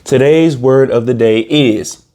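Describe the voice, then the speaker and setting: A man's voice: medium pitch, measured pace, mellow. Slangy man riffing on his podcast. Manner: loose, slangy, repeats himself for laughs. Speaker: podcast host. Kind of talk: casual comedic monologue.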